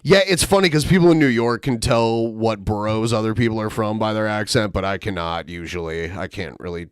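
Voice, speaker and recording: A man's voice: on the low side, brisk, smooth, no echo, clean studio sound. A man co-hosting a casual podcast, chatting and laughing easily in a laid-back way. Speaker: podcast co-host. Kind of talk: casual chat.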